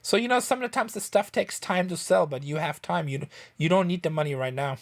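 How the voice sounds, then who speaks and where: A man's voice: high-pitched, a little fast. A man from Southern California who hosts a reselling channel, talking in a chatty, rambling, wry way. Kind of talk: casual vlog chat.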